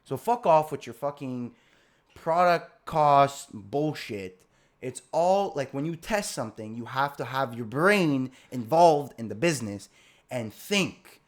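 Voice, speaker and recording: A man's voice: mid-range voice, expressive, normal speed. A young man on a live coaching call, heated and profane. He rambles, restarts his sentences and keeps asking the listener whether they understand.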